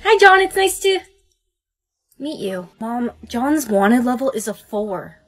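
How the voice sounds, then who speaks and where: High-pitched synthetic woman's voice. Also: sing-song, slow, husky, low-quality recording. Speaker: text-to-speech storyteller. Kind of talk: text-to-speech POV skit narration.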